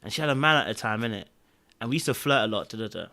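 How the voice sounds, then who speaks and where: A young man chatting casually on a podcast, telling a story with lively acted-out quotes and filler like "da, da, da". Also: lowish voice, very fast. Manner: animated storytelling, acts out quotes, fills with "da, da, da".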